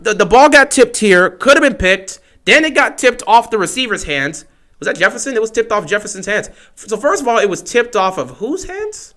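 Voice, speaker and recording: Excitable high-voiced male sports fan. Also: a little fast. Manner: excitable, talks straight to his team. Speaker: fan livestream host. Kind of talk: fan play-by-play commentary.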